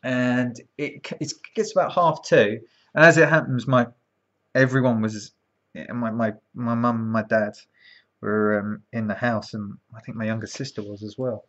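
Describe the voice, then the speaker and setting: A man's voice: mid-range voice, moderate pace. A man telling a long story casually, acting out the people he quotes, with lots of ums and restarts. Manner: animated, acts out quoted voices, frequent ums and restarts. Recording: dull lo-fi sound.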